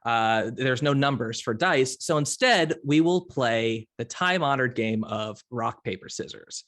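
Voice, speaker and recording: A man's voice: mid-range voice, lively intonation, a little slow, a bit bright. A man as game master, genially explaining rules with stumbling restarts. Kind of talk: running a tabletop game.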